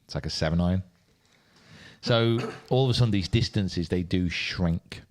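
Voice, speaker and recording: A man's voice: sits low, moderate pace, a little mellow. A man co-hosting a golf podcast, talking in casual, jokey banter. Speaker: podcast co-host.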